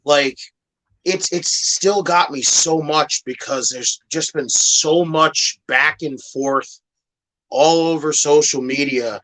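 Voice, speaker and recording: Bright-voiced man venting frustration. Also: fairly high pitch, slow pace, rough recording. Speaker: podcast co-host. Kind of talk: casual wrestling chat.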